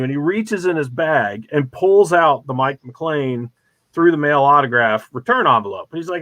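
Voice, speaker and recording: A man as a guest on a show, telling rambling, animated stories full of ums and uhs. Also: mid-range voice, moderate pace, dry recording. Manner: rambling, many fillers, animated storytelling. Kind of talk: casual chat, anecdotes.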